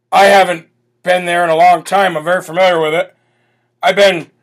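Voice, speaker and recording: A man's voice: sits high, gravelly, a bit bright. A man hosting a political talk show, brash and sarcastic in his opinionated solo commentary.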